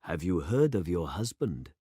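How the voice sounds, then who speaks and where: A man voicing a grave, elderly village pastor in a story read aloud, speaking slowly and formally. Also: deep voice, very animated, warm tone, slightly rough, no room sound, full character voice. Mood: solemn. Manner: slow, solemn and formal.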